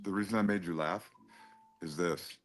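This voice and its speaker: In a heated, casual stream chat, a man with a low voice taunts and swears at another panelist at a moderate pace. He comes across as profane and confrontational, with soft music playing in the background.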